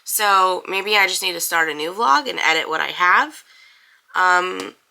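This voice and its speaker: Gravelly, bright-voiced young woman vlogging. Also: lowish voice, measured pace, rough recording. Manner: rambling, chatty, many fillers. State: congested, with a cough. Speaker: book vlogger. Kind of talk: casual chat to camera.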